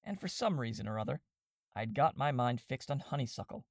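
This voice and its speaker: A man narrating a classic comic novel in a steady, wry storytelling manner, voicing the characters as he goes. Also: mid-range voice, a little fast, vocal fry, no echo, studio quality. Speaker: audiobook reader and podcast host.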